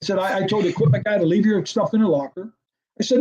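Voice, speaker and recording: A man's voice: high-pitched, quick pace, highs cut off. An older man, a former football coordinator, telling a story as an interview guest and acting out the dialogue. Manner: animated storyteller, acts out quoted dialogue, laughs often.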